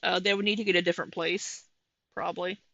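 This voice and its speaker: A woman's voice: fairly low pitch, little pitch movement, fast talker, fairly bright tone, no echo, highs cut off. A woman giving casual commentary over livestream clips, chatting with viewers by name.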